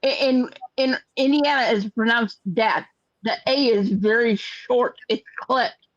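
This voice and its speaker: High-voiced older woman hosting a chat. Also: a little slow, dry recording, lo-fi sound. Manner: rambling, repeats words while telling a story. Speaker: host of a crochet chat livestream. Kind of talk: casual chat, storytelling.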